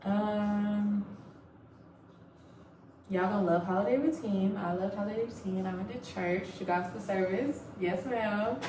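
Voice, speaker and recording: A young woman, a Navy recruit, tells a casual, frank story about boot camp to the camera, peppering it with "like," "um," and free swearing. Her mellow mid-range voice keeps a fairly even intonation at a measured pace. She's recorded off-mic from a distance in an echoey room with clear background noise.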